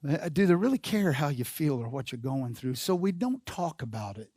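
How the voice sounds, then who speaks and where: A man's voice: fairly high pitch, big pitch swings, moderate pace, dark tone, no room sound, studio quality. A man preaching a sermon as pastor, telling a personal story and calling the congregation to repeat his phrases. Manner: call-and-response preaching, repeats phrases, builds in force. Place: church sanctuary.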